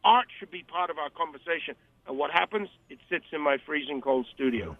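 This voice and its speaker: A man's voice: fairly high pitch, animated, a little fast. A man calling in as a guest on a radio interview, talking emphatically, rambling and repeating himself. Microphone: telephone. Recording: tinny phone line, dry.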